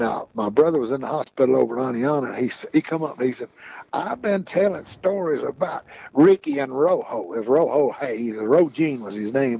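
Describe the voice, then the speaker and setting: A man spins long, rambling tales in an easygoing chat, forever circling back with "he said." His voice is gravelly and dark, with a breathy, husky edge. The sound is a little muffled and lo-fi. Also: mid-range voice. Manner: folksy, rambling, keeps repeating "he said". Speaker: podcast guest storyteller. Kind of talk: casual storytelling.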